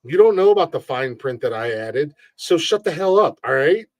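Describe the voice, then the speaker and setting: Loud joking American podcast host. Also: male voice, a little high, big pitch swings, moderate pace, no room sound. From United States. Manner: loud, profane, joking mock outrage. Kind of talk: casual comedic banter.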